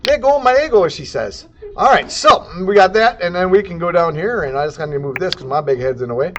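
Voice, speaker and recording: A man giving a casual, jokey software tutorial, throwing in sound effects and silly asides. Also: high voice, animated, a little fast, highs cut off, noisy background. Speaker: CAD instructor. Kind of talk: casual screen-recorded tutorial.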